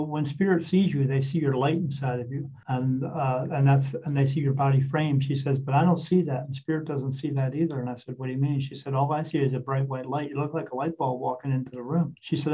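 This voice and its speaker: A man's voice: mid-range voice, steady tone, fairly quick, hardly any pauses, slightly rough. A man in his fifties from New Jersey, telling a long personal story in a rambling, earnest way with many restarts. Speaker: guest. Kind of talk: casual storytelling. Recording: distant, dull lo-fi sound.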